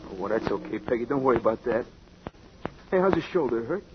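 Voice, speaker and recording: An actor playing a gentle, lovesick young male boxer who speaks softly and haltingly, in 1940s radio acting. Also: mid-range voice, lively intonation, noisy background, lightly acted. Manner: soft, halting, plain slangy speech. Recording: dull 1940s radio recording with music.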